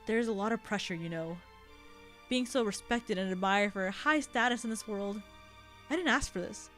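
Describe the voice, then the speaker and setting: A woman's voice: medium pitch, normal speed, fairly bright tone, soft background music, close to an everyday voice. A woman voicing a haughty, sinister female alien noble who broods over her loneliness as she reads a visual novel aloud. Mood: brooding. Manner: brooding, self-pitying monologue.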